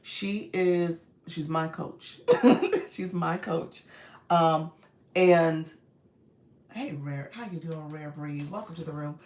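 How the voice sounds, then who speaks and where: A woman with a naturally raspy voice, a bit strained today, hosting a casual live stream and greeting viewers warmly. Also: low voice, slow pace. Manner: warm, encouraging, greets viewers often. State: voice a little strained. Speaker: live-stream host and coach. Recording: echoey room.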